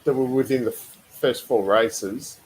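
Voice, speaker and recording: A man's voice: medium pitch, a little slow, darkish tone, rough recording. A man co-hosting a podcast over an online call, chatty, often laughing and restarting his sentences. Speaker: podcast co-host. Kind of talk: casual chat.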